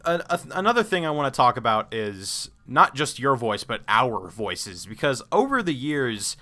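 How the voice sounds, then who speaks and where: A teenage boy hosting a casual podcast chat, rambling a bit and now and then mimicking others in a high voice. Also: sing-song, moderate pace, sharp tone. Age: teen. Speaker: podcast host.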